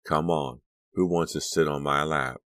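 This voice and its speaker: A man's voice: a bass voice, steady tone, a little slow, a bit bright, no echo. A man reading an audiobook, voicing a brash, cocky young man who teases the girls. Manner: cocky, teasing. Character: brash reckless young male van driver.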